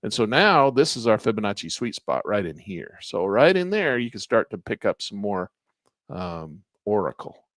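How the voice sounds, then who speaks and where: A man's voice: on the low side, very animated, moderate pace, fairly bright tone, no room sound, clean studio sound. Folksy man teaching stock chart trading. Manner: casual, folksy, talks while pointing at charts. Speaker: trading instructor. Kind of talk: live online trading class.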